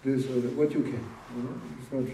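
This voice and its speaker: A man giving an informal sermon as a sheikh, speaking in a plain, halting way and repeating words for emphasis. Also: mid-range voice, little pitch movement, mellow, slight background noise. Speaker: sheikh teaching a religious talk. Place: gathering room at a summer camp. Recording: roomy room, distant mic.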